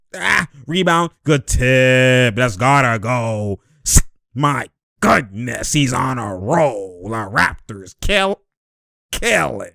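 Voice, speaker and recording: A young man giving excited, animated commentary over basketball highlights, laughing often and shouting at the plays. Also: very slow, creaky, dry recording, clean studio sound.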